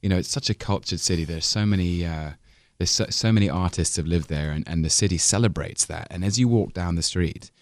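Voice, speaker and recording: A man with an English accent speaks as a radio guest in a deep, low register. He talks in a thoughtful, articulate way, often restarting his sentences. The sound is dry and close. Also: fairly quick, hardly any pauses, no room sound. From England. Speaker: actor guest. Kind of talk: radio interview.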